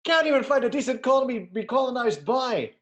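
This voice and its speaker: A man's voice: very high voice, sing-song, a little fast, pitched above the performer's own voice, full character voice. A man doing a mock Scottish accent as a ranting, foul-mouthed Scottish man. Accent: put-on Scottish. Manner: loud, cursing, laughing through it.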